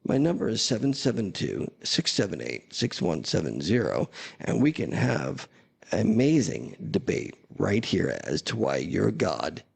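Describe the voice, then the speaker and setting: A man's voice: lowish voice, big pitch swings, measured pace, gravelly, husky. A man hosting a casual chat, talking in a blunt, sarcastic, rambling way. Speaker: host.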